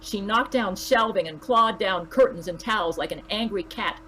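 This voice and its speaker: A woman reading a story aloud in an even but dramatic narrating voice. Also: mid-range voice, normal speed, soft background music, poor audio.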